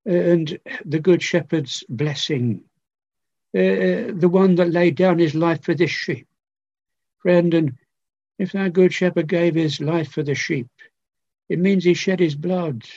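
An older man preaching a sermon, earnest and pleading, with repeated phrases and long pauses. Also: a little high, a little mellow, no echo. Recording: dull lo-fi recording.

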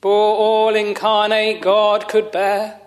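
A man preaching a sermon in a slow, solemn, measured way with long pauses, sometimes dropping to a hush. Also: high-pitched, monotone, faint music behind.

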